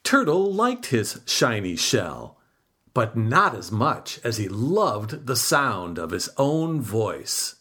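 A woman reading a children's folk tale aloud, slow and expressive, her pitch swooping on key words. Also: breathy edge. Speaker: storyteller. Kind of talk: storybook read-aloud.

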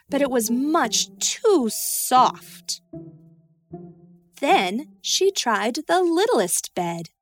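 A woman reading a children's storybook aloud in a slow, expressive, sing-song way. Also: medium pitch.

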